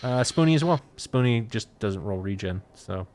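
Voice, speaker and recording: A man hosts a casual esports talk show in a somewhat low voice. He talks in a laid-back way and fills his pauses with uh and um. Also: animated, a little mellow, slight background noise. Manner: lots of uh and um fillers, laid-back. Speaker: host.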